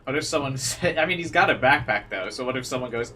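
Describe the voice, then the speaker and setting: A man's voice: medium pitch, sing-song, a little fast, pushed and bright, distant mic, a little hiss or hum. A man streaming a game, chatting and joking in a rambling way. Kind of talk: gaming commentary.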